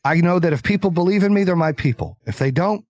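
A man telling stories as an interview guest, talking in an energetic, emphatic, animated way. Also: sits high, fast talker. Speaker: podcast guest, entrepreneur. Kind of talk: casual interview storytelling.

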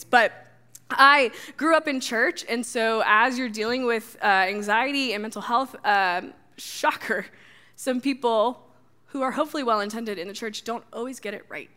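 A woman's voice: a little high, normal speed, bright, forceful tone. A young woman giving a sermon to a church gathering, talking casually with dry, sarcastic humor. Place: stage before a live audience.

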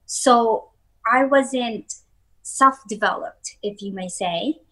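A woman guest speaking earnestly in a relaxed chat about self-growth, often restarting her sentences. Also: on the high side, takes it slowly, poor audio. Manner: earnest, repeats words when starting sentences. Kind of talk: casual motivational chat.

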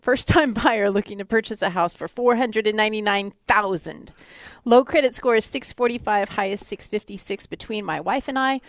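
A woman's voice: medium pitch, normal speed. A woman co-hosting a radio mortgage show, teasing her partner and reading listener questions aloud. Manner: teasing, bossy with her co-host. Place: radio studio.

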